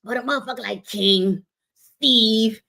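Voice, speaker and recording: A woman hosting a casual reality TV commentary show, profane and animated, with sudden shouting bursts and mimicked voices. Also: fairly high pitch, measured pace, vocal fry. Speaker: show host.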